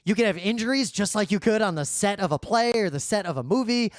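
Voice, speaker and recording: A man co-hosting a podcast, explaining points in a measured, explanatory way into a studio microphone. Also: high voice, lively intonation, no echo. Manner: measured, explanatory, adapts his talk for the microphone. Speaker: podcast co-host. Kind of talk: casual discussion.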